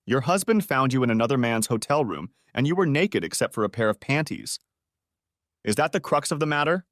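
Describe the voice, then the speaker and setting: A man's voice: mid-range voice, animated, fairly quick, fairly bright tone, no echo, studio quality, close to an everyday voice. Man doing a roaring, furious father. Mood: interrogating. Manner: roaring and demanding. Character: furious, domineering middle-aged father.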